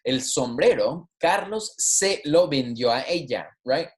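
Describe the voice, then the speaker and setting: A man teaching a recorded language lesson, explaining patiently and often checking in with "right?" while modeling phrases slowly. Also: a little high, lively intonation. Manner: switches between English and Spanish, models pronunciation slowly. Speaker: Spanish teacher.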